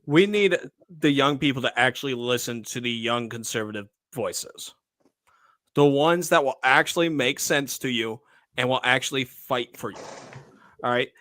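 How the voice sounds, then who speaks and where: A man hosting a political podcast, talking in a loud, profane and combative way. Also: mid-range voice, dry recording, studio quality. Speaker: podcast host. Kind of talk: crude political podcast banter.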